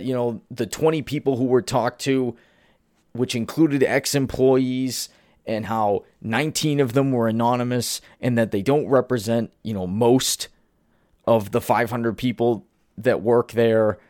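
A man's voice: mid-range voice, a little slow, a little mellow, no echo, studio quality. A man hosting a solo commentary podcast, ranting in an exasperated way. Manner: ranting, exasperated, swears at target. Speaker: podcast host.

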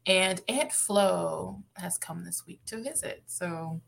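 A woman's voice: fairly low pitch, lively intonation, takes it slowly, creaky. A woman co-hosting a podcast, chatting playfully and laughing often. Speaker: podcast co-host. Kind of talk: casual chat.

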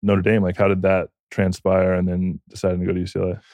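A man's voice: low-pitched, completely flat delivery, fast, warm tone, no room sound. A man hosting a podcast, asking casual questions and adding short agreeing remarks. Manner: brief, agreeable interjections. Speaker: podcast host. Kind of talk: casual interview.

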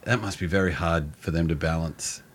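A man hosting a casual interview chat, talking in halting starts and restarts. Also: low voice. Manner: halting, many restarts and backchannels.

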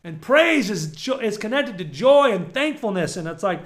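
A middle-aged man preaching a sermon, animated, swinging between shouts and low murmurs. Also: normal speed.

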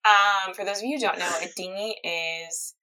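A woman's voice: mid-range voice, fairly even intonation, moderate pace, pushed and bright, poor audio. A woman hosting a casual podcast, recounting a true-crime case, reading quotes aloud and laughing easily. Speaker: podcast host telling a true-crime story. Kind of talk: casual storytelling chat.

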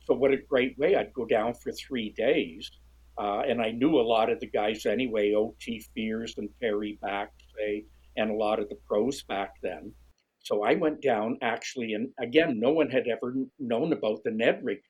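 A middle-aged man with a husky voice, telling a lively story as an interview guest, often restarting his sentences. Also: normal speed, poor audio. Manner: animated storyteller, restarts often, jumps high when quoting others. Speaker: guest, fishing writer. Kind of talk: storytelling conversation.

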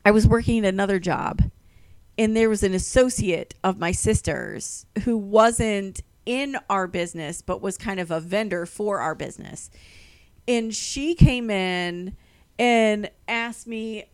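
A woman's voice: medium pitch, measured pace, smooth, no echo. A woman in casual chat, telling stories animatedly and acting out the voices of people she quotes.

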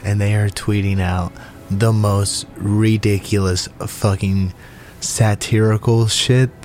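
A man's voice: lowish voice, steady tone, slow pace, a little mellow, faint music behind. A young man, talking alone in a small home studio in a rambling, profane, self-mocking monologue that he keeps laughing at. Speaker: solo podcaster.

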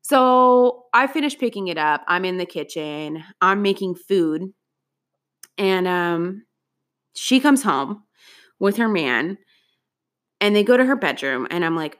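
Speaking slowly with long pauses in a medium-pitched voice, a young adult woman storyteller recounts a personal anecdote. She's casual, animated, and profane, sometimes bursting out loudly.

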